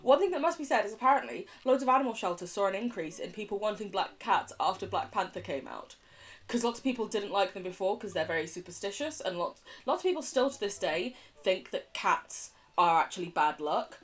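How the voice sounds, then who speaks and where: A woman streamer talking fast at her desk microphone, chatty and candid. Her pitch sits in the middle for a woman, and she swears without a second thought, laughing between lines. Casual and unpolished. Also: expressive. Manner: quick, chatty, swears freely, laughs often. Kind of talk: live-stream game commentary.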